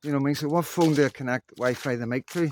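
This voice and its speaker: A man's voice: mid-range voice, very fast, darkish tone, a little hiss or hum. A middle-aged man, rambling casually in an unscripted vlog and leaning on fillers. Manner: rambling, loose talk full of "you know what I mean" fillers. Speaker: vlogger.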